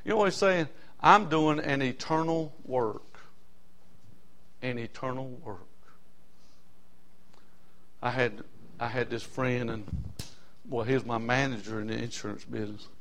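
A male pastor preaching a sermon, fervent and folksy, moving from quiet asides to loud hollering. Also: medium pitch, a little slow, long pauses.

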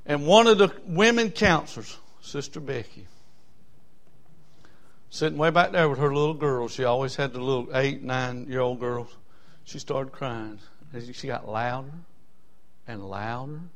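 A man whose voice sits high for a man preaches a sermon, telling folksy stories and building from soft asides up to full shouts.

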